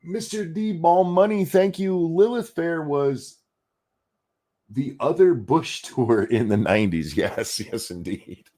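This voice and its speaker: A man's voice: fairly high pitch, lively intonation, takes it slowly, mellow. A man hosting a podcast, ranting in casual, mocking, sarcastic commentary. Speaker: podcast host.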